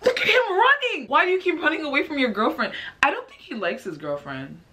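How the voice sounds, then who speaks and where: Female reaction host, fairly high and animated, rambling and incredulous. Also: fast, over music. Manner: exasperated, rambling, incredulous questions. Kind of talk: casual commentary.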